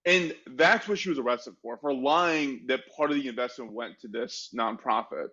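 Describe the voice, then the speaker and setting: A man's voice: mid-range voice, normal speed, bright, forceful tone, lo-fi sound. Chatty man telling a history story. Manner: chatty, frequent "like" fillers, self-mocking asides. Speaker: podcast co-host. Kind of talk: casual conversational storytelling.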